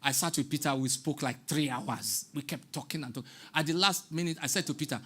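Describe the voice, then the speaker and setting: Nigerian man, 60s, on a stage, forceful and fairly high voice, fervent and sermon-like with Pidgin asides. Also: a little fast. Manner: passionate, preaching, mixes in Pidgin. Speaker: guest artist speaking on stage. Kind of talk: public talk. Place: stage in a large venue.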